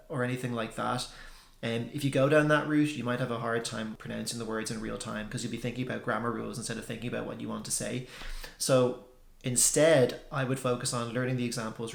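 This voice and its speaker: Give me a young man teaching in a casual video lesson. His voice is gravelly, sits at an everyday middle pitch and has an easy, explaining manner. The room around him is echoey. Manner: relaxed explaining, many ums. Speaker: language teacher.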